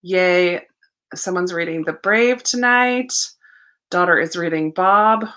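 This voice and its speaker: A young woman hosts a relaxed livestream, chatting and reading viewer comments aloud. She laughs often between thoughts. Her voice is bright and forward. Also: on the low side, takes it slowly, clear, resonant tone. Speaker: livestream host. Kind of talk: casual livestream chat.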